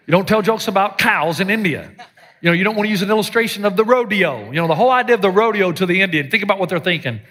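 A man preaching a sermon as pastor, animated and joking, with sudden shouted lines. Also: sits high, very fast. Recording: live sermon with long hall reverb.

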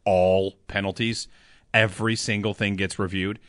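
A man hosting sports talk radio, animated and emphatic, often pushing his voice up into loud bursts. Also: fairly low pitch, moderate pace, dry recording, clean studio sound.

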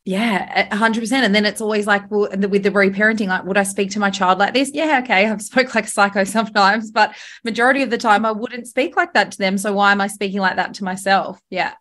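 A woman's voice: mid-range voice, steady tone, fast, few pauses, fairly bright tone. A woman, hosting a podcast in a candid, casual chat full of fillers and the odd swear. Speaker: podcast host.

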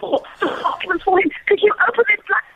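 A woman's voice: fast talker, slight background noise. A woman putting on a frantic, pleading posh woman with an English public-school accent, over a dry, tinny phone line. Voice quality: breathless, high-strung.

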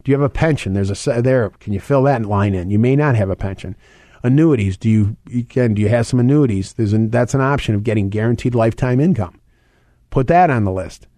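Fast-talking middle-aged financial radio host. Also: male voice, mid-range voice, mellow, no room sound, studio quality. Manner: fast, conversational, repeats points and phone numbers. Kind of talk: radio talk segment.

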